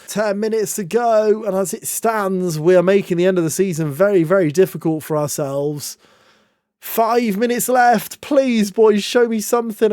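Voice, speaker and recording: A young man commentating on his own football management game, excitable, with groans and shouts at near misses and goals. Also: high-pitched, no room sound, clean studio sound. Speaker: gaming YouTuber.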